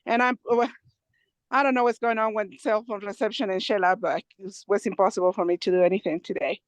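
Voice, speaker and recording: A woman, out of breath, calling in by phone from the mountains, laughing often and talking in halting bursts. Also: mid-range voice, fairly even intonation, no echo. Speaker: nonprofit co-founder giving a remote update. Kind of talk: casual talk over a video call. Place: outdoors in the mountains. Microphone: phone on a video call. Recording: dull lo-fi video call audio.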